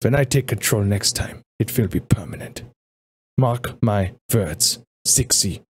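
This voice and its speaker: A man's voice: lowish voice, a little slow, a little hiss or hum, lightly acted. Man putting on Absalom, a silky scheming spirit. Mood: threatening. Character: sinister manipulative male spirit possessing a body.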